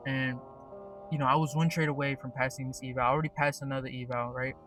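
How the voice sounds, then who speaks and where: A man's voice: medium pitch, little pitch movement, fast talker, fairly bright tone, soft background music. A young man telling a story in a casual, rambling monologue, swearing often and restarting his sentences. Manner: profane, rambling, many restarts. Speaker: day trader vlogger. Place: at work.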